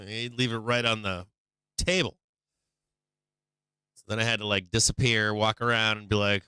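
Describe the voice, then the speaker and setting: A man's voice: fairly low pitch, fairly even intonation, brisk, bright, forceful tone, clean tone, no room sound. A middle-aged man hosting a stock market livestream, rambling casually with lots of swearing and "like" fillers. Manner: rambling and profane, heavy on "like" fillers.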